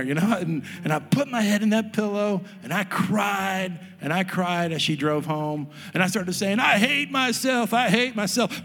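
A high-voiced male pastor tells a childhood story in a sermon, jumping into the voices of his family as he goes. His words ring out with a long reverb through a large hall, and soft guitar plays faintly underneath. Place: church sanctuary.

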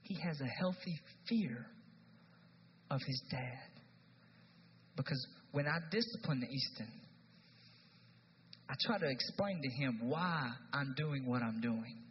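A youth pastor in his thirties preaching a conversational sermon in a church, moving between hushed and loud. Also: medium pitch, expressive, slow pace, pauses often. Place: church sanctuary. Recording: dull sound with long hall reverb, faint noise.

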